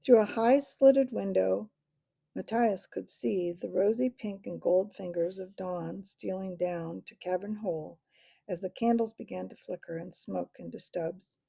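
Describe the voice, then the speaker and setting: A woman narrating a storybook aloud, now and then dropping into soft whispers. Her voice is dark and gravelly with a husky edge. The sound is dry and close. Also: mid-range voice, measured pace, no echo. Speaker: audiobook reader.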